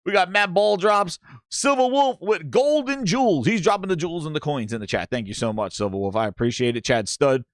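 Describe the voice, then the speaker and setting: A man's voice: a little high, brisk, dry recording, clean studio sound. A man hosting a gaming livestream, ranting with profanity and calling out viewers in the chat. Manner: animated, profane, shouting out chat names.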